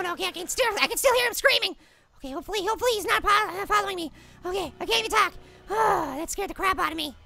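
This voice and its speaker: A performer voicing a tiny, jumpy male apple in a pitched-up cartoon voice, commenting excitably on a horror game and shrieking in panic. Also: creaky, full character voice. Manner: excitable, loud panicked shrieks and repeated words. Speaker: gameplay commentator. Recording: game music under the voice.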